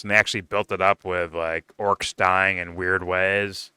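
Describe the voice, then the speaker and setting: A man with a low-pitched but bright, crisp voice talks through a TV episode in a loose, profane ramble. He stumbles, restarts and fills gaps as he goes. The sound is dry and close, with no room around it. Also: flat delivery, unhurried, hardly any pauses, no echo. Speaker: TV show reviewer. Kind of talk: casual rambling review.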